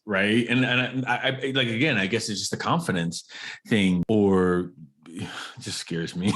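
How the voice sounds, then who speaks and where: A man hosting a podcast, excitable and self-deprecating, talking in quick bursts and laughing often. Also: fairly low pitch. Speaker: podcast host. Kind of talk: podcast interview.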